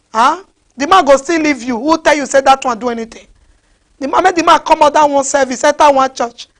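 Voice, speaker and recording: Nigerian lady preacher, high voice, scolding hard and firing off questions. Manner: scolding, repeated rhetorical questions. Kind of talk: fiery sermon.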